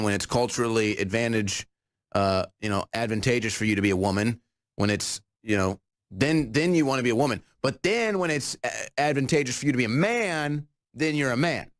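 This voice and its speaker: A man hosting a commentary show, talking in a sarcastic, mocking way. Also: medium pitch. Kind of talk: opinion commentary monologue.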